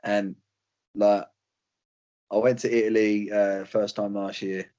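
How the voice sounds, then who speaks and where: A man's voice: on the low side, flat delivery, takes it slowly, dark tone, dull audio. A young British man, a fighter, chatting casually in an interview, rambling with slang and fillers. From Britain. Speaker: UFC fighter guest.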